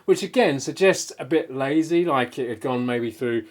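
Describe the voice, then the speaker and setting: A man's voice: mid-range voice, expressive, moderate pace. A man co-hosting a casual film review chat, rambling with many restarts and fillers. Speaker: film podcast co-host.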